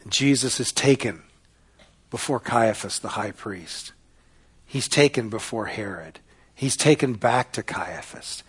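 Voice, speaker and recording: A man preaching a sermon, telling a story dramatically and swinging between loud passages and hushed ones. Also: lowish voice, lively intonation, unhurried, husky. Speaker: pastor.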